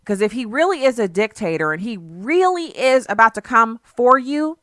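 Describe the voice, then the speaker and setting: A woman's voice: on the high side, expressive, normal speed, a bit bright. A woman hosting a talk radio show, delivering emphatic, sarcastic commentary in a conversational way on a studio mic. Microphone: studio microphone.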